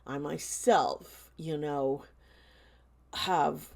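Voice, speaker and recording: A woman with a low voice talks slowly and earnestly to her viewers in a casual vlog. She often pauses, hesitates and restarts her sentences as she goes. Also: fairly even intonation, vocal fry, a little mellow. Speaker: tarot channel host.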